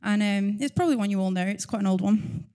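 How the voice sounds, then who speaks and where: A fast-talking woman with a mellow, mid-range voice gives her testimony to the church. She's earnest and talkative, covering silences with chatter and laughing softly now and then.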